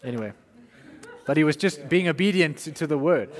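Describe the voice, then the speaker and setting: A man preaching an informal sermon, conversational and animated, acting out little quotes and laughing as he goes. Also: fairly high pitch, a little fast, long reverb tail.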